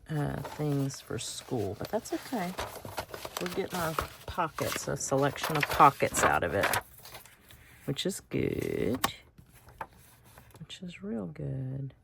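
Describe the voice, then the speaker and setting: A woman's voice: sits low, creaky, very noisy. A woman hosting a craft video, chatting casually and thinking aloud as she cuts out pictures.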